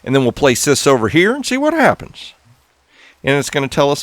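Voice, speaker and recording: A man hosting a gaming channel, giving excitable, casual commentary to viewers as he plays. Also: fairly high pitch, brisk, no room sound. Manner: excitable, talks to viewers while playing.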